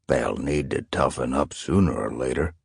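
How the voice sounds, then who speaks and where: A man croaking as a grumpy old tomcat elder. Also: rumbling low, dry recording, studio quality, voice pushed down, heavily acted. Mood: grumbling. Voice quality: croaking, irritable. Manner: slow grumbling mutter. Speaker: audiobook narrator. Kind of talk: storybook character voice.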